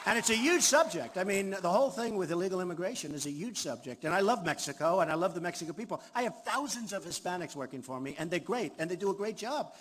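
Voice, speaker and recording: A man's voice: high voice, lively intonation, fast, few pauses, a bit bright, some chatter behind. A man in his sixties giving an off-the-cuff campaign rally speech, boastful and repetitive. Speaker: candidate at a rally. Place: large hall before a crowd. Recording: reverberant hall, faint ambience.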